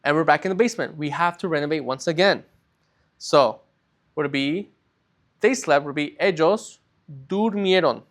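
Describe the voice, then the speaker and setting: A man's voice: a little high, moderate pace, long pauses. Man teaching a lesson in a raised voice. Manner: patient step-by-step explaining, often checks in with "right?". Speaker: Spanish teacher. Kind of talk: recorded classroom lesson.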